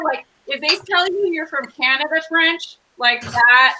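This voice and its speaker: A woman hosting a cooking show, chatting casually with quick asides. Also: high-pitched, bright, forceful tone, poor audio. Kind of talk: casual chat.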